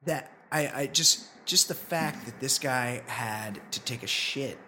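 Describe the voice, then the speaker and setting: A man co-hosting a comedy podcast, chatting casually and leaping up in pitch when he is incredulous. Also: measured pace, bright, forceful tone, slight background noise. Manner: incredulous, jumps high in pitch for emphasis. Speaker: podcast co-host.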